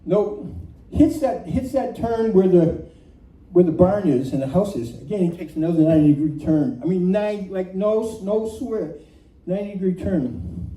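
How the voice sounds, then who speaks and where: A man telling a comic true story at a live storytelling night, animated and self-mocking, often laughing as he talks. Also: sits high, moderate pace. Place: community center room. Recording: echoey room from far off, faint noise.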